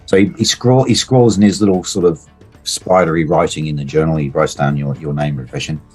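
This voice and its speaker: A man narrating as game master of a tabletop game, halting with restarts. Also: a bass voice, fairly even intonation, a little mellow, breathy edge, faint music behind. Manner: halting, many fillers and restarts.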